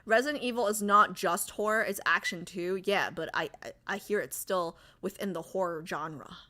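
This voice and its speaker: A woman's voice: mid-range voice, normal speed, pushed and bright. A woman streamer in casual livestream chat, chatty and giggly, reading viewer comments aloud.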